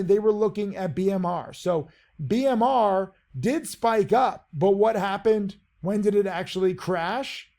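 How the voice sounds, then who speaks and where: A man's voice: high voice, vocal fry, dark tone. A man giving a casual video lesson on trading, brash, boastful and blunt. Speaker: trading teacher.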